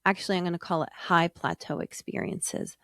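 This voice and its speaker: Earnest woman podcast host, low and dry. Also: fairly even intonation, fairly quick, creaky, no echo. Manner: gentle, earnest storytelling with repeated phrases. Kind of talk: personal storytelling on a podcast.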